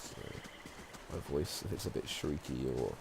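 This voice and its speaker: A man's voice: extremely low pitch, animated, unhurried, gravelly, background noise. A man with a cold giving casual, profane gameplay commentary, sounding nasal and muttering to himself. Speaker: let's play gamer.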